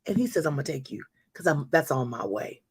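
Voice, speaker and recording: A woman's voice: extremely low pitch, sing-song, brisk, breathy edge. A woman in her fifties hosting a faith talk, telling a story to her listeners with emphatic repetition and calling them y'all. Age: 50s. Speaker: host.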